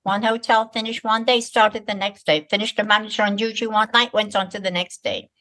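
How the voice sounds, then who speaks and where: A woman in her eighties from England, a podcast guest telling her life story in a lively way. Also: medium pitch, brisk. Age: 80s. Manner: lively storyteller, acts out quoted people. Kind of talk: casual interview.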